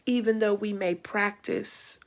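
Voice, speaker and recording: Middle-aged woman host, gravelly, reflective storyteller, swells to testimony. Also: mid-range voice, measured pace. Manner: reflective, rising to emphatic testimony. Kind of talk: personal storytelling on a livestream.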